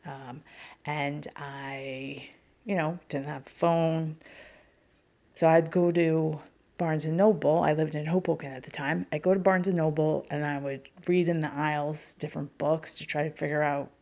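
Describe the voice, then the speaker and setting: A woman's voice: low voice, steady tone, measured pace, creaky, a little mellow. A middle-aged woman telling a personal story as a podcast guest, candid and wry, with self-mocking humor. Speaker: podcast guest, spiritual healer.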